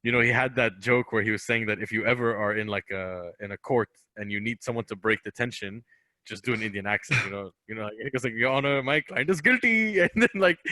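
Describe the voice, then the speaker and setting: A man's voice: fairly low pitch, pushed and bright, dry recording. A man from Lebanon, a comedian guest on a podcast, talking in an emphatic, opinionated way and repeating phrases for weight. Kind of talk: casual podcast chat.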